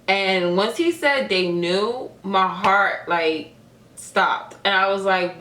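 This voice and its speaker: A young woman telling a storytime vlog in casual talk, animated and filling her speech with "like" as she acts out quoted dialogue. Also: lowish voice, takes it slowly. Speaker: vlogger. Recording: roomy echo.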